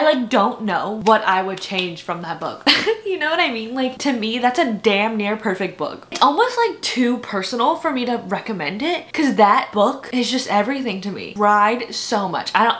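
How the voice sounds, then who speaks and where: A woman's voice: mid-range voice, a bit bright. A young woman chatting casually to camera in a book vlog, gushing and giggly, with lots of fillers. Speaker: book vlogger.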